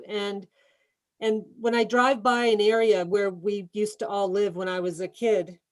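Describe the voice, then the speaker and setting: A woman's voice: mid-range voice, fairly even intonation, normal speed, rough recording. A woman real estate agent on a video call, telling an earnest personal story in a training session. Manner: earnest storytelling, emotional at times. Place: home office.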